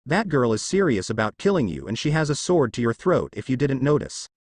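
Guy doing a worried teen girl, hushed warning, dry sound. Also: mid-range voice, sing-song, brisk, dry recording. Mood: urgent. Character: urgent, worried teenage girl ninja.

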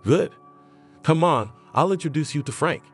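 A man putting on a higher, mocking flirt, Selena. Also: lively intonation, normal speed, breathy edge, soft background music. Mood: coaxing. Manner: mocking, pushy.

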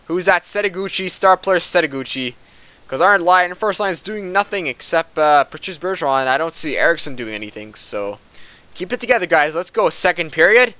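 A man's voice: a little high, animated, normal speed, sharp tone, clean tone, no room sound. A young man giving casual commentary over a hockey video game, frustrated and ranting with swearing. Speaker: gaming commentator.

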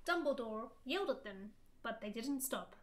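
High-voiced woman reading with giggly amusement. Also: expressive, moderate pace, a bit bright. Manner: giggly, amused, theatrical narration. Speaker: livestream co-host reading fan fiction aloud. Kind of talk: comedic dramatic reading with banter.

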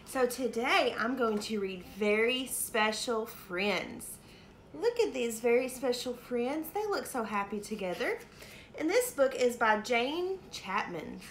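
A woman preschool teacher reading a picture book aloud to young children in an animated, sing-song way, in an echoey room. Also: on the high side, takes it slowly. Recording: echoey room, faint noise.

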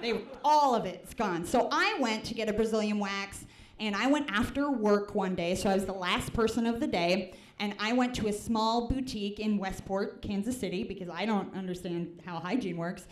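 A woman's voice: mid-range voice, normal speed, slight background noise. Young woman doing stand-up in a roomy club. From American Midwest. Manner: conversational, self-deprecating, many "like"s and "right?"s. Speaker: stand-up comedian. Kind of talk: stand-up set. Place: comedy club stage before a live audience.

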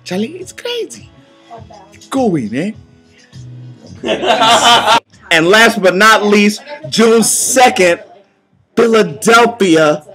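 A man announcing tour dates in a joking, hyped-up comic style, laughing and shouting catchphrases. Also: high voice, very slow, long pauses, soft background music. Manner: hyped, joking, repeated shouted "Don't sleep!"; laughs between lines, playful slang. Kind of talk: jokey hype announcement.

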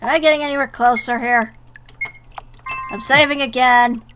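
Swearing in exasperation, a young woman comments on the video game she's playing and reads its on-screen text aloud for a let's play. Her high, slightly bright voice keeps fairly even intonation at a moderate pace. Faint game music and slight background noise sit behind her.

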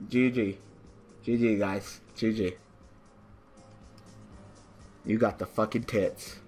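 A young man hosting a gaming channel, commenting live on a card game and ranting with heavy swearing when things go wrong. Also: lowish voice. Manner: frustrated ranting, heavy swearing, rising to shouts.

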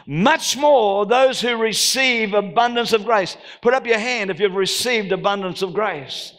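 Preaching at a moderate pace in a high voice, an Australian pastor calls out to his congregation and escalates into shouted declarations. The sermon was recorded in a church hall.

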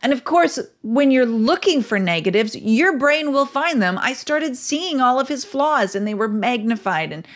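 A woman's voice: sits high, lively intonation, normal speed, few pauses. A woman hosting a podcast, talking in a casual, earnest and reflective way, candid about her own life. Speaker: podcast host. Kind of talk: casual advice talk.

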